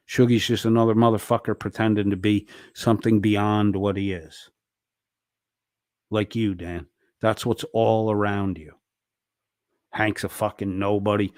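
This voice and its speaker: A man's voice: lowish voice, darkish tone, no echo, clean studio sound. A man ranting angrily at another streamer, swearing and berating. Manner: angry, profane, berating. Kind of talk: ranting monologue.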